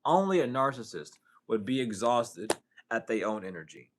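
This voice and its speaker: A man's voice: very animated, moderate pace, background noise. A man giving a casual spiritual reading, profane and streetwise, full of rhetorical questions. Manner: swings from low mutter to high exclaims. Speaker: spiritual reader.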